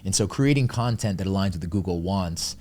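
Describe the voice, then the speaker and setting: A man, a guest on an interview, explaining his work in a quick, confident, salesy way. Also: animated, mellow, slight background noise. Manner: fast, confident pitch-style explaining. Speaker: guest, marketing company founder. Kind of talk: casual interview chat.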